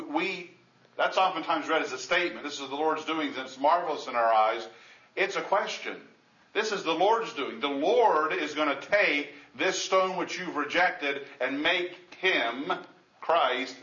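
With a fairly high, bright and forceful voice, a man gives a conversational Bible-teaching sermon, restarting frequently and reading scripture aloud in old formal wording. The room recording is echoey, dull and lo-fi.

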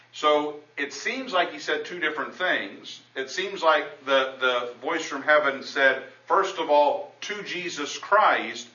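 A man preaches a sermon, teaching from the Bible conversationally, breaking off to restart and reading scripture aloud. His voice is on the high side, bright and forceful, unhurried with few pauses. The sound is roomy and dull, picked up by a distant mic.

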